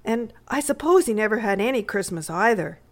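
A woman's voice: mid-range voice, animated, a little fast, voice pushed up, natural voice. A woman voicing an eager, sweet little girl in a readers' theatre story reading.

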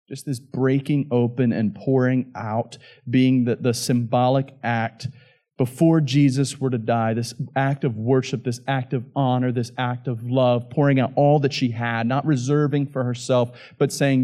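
A man's voice: medium pitch, fairly even intonation, moderate pace, dark tone. A man preaching a sermon as pastor, reading scripture with rising passion and emphatic peaks.

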